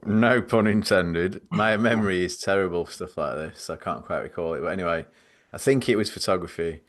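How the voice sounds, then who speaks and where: A man's voice: sits low, brisk. A man hosting a podcast, telling stories in a rambling, self-deprecating way and laughing easily. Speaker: podcast host. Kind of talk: casual storytelling chat.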